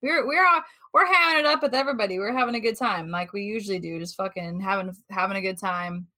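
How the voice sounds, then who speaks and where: A woman's voice: mid-range voice, fast, sharp tone. A woman podcast co-host with a laid-back, teasing manner. She chats casually and swears in passing. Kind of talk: casual chat.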